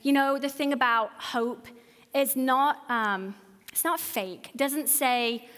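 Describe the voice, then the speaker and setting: A woman's voice: sits high, slow, fairly bright tone. A woman pastor preaching a sermon, earnest and building with repeated phrases. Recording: hall reverb.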